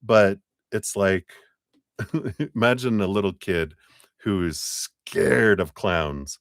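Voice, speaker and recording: A man giving a live tarot reading to a client, talking in a casual, gentle, rambling way with many fillers. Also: fairly low pitch, slow pace, no echo, clean studio sound. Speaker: tarot reader.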